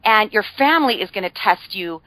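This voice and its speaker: A woman's voice: mid-range voice, expressive, a little fast, pushed and bright, no echo, poor audio. A woman guest on a podcast, explaining ideas in a chatty way with frequent fillers and playful humor. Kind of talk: casual podcast conversation.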